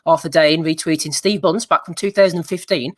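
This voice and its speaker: A man's voice: on the high side, fairly even intonation, brisk. A man hosting a boxing podcast, running through news items and tweets with chuckles. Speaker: podcast host. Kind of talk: casual boxing chat.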